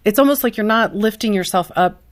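A woman's voice: medium pitch, a little fast. A woman as an interview guest, a mother of a child with special needs, answering in an earnest, emotional and open way.

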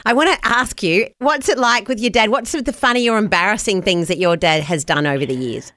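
A woman's voice: medium pitch, fairly quick, a bit bright, no room sound, clean studio sound. A woman hosting a radio show, bubbly and effusive. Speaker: radio host. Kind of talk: casual radio chat.

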